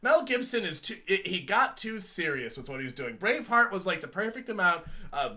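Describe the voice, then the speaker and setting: A man's voice: sits high, big pitch swings, fairly quick, hardly any pauses, pushed and bright. A man in his thirties co-hosting a casual chat show, rambling and joking with frequent laughs. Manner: rambling, jokey, laughs often. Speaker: podcast co-host.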